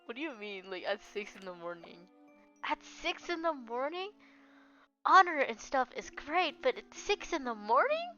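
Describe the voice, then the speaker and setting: A woman's voice: high-pitched, very animated, normal speed, bright, forceful tone. A woman streamer making casual, joking comments while reading a visual novel aloud. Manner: chatty, joking reactions. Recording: dull lo-fi with faint music.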